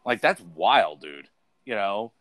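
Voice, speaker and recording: A man in a casual chat, telling an animated story full of fillers and the word dude. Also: lowish voice, slow pace, no echo.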